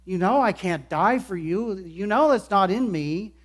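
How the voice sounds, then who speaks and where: A man voicing a conflicted male disciple who pleads his case emphatically, in a raised, loud voice. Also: high voice, expressive, unhurried, voice pushed up. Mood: earnest pleading.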